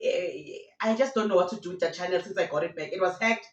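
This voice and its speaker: A woman telling gossip stories as a YouTube commentator, lively and full of local slang. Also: fairly low pitch, quick pace, distant mic, muffled recording. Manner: animated storytelling with laughs and local slang. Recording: roomy sound from away from the mic.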